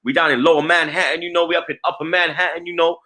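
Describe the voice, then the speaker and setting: A swaggering young New York street guy, loud and brash, as a London man puts him on. The voice sits high and sounds very bright and sharp, tumbling out fast. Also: little pitch movement.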